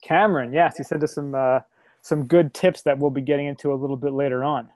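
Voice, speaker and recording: A man's voice: medium pitch, steady tone, fast talker, darkish tone, no echo. A man co-hosting a casual podcast over a video call, upbeat and eager as he plugs the show. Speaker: podcast co-host.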